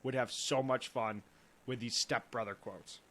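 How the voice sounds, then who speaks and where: A man's voice: medium pitch, fairly even intonation, measured pace, sharp tone. A man co-hosting a podcast in casual chat, asking questions and trying out quotes. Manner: asks questions, tries quotes. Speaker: podcast co-host.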